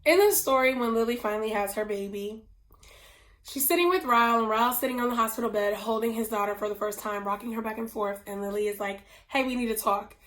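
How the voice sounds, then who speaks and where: A woman giving a casual book review, telling it in an earnest, personal way with quick asides. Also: fairly high pitch, steady tone, fairly bright tone.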